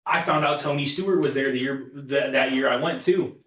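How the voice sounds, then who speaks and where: A man's voice: mid-range voice, a little fast, fairly bright tone. A young man co-hosting a casual podcast, telling rambling, profanity-laced stories. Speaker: podcast co-host. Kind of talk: casual chat. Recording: echoey room.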